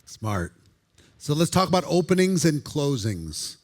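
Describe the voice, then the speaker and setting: Sex: man. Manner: deliberately lowered voice. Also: sing-song. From Minnesota. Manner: deliberately lowered voice, repeats words when starting out. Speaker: presentation trainer. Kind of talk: conversational talk on public speaking.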